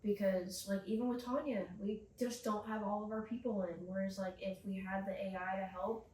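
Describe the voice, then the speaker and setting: A woman's voice: mid-range voice, steady tone, moderate pace, a little mellow. A woman on staff at a tour business, earnestly explaining in casual chat. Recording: roomy, distant mic, faint noise.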